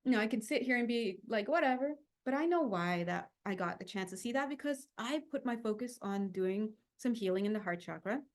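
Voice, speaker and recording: A young woman leading a spiritual healing talk, chatty and animated, with many fillers and restarts. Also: medium pitch, fairly quick, hardly any pauses. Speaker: spiritual teacher.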